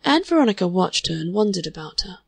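A woman narrating a classic novel in a measured, even storytelling manner. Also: fairly low pitch, vocal fry, husky, dry recording. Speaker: audiobook narrator.

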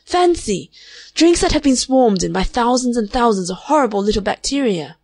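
A woman's voice: expressive, moderate pace, darkish tone, dry recording. A woman voicing a prim, vehement spinster. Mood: preachy. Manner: vehement, high-strung, preachy. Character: prim, fervent spinster woman who disdains men. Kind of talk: audiobook character voice.

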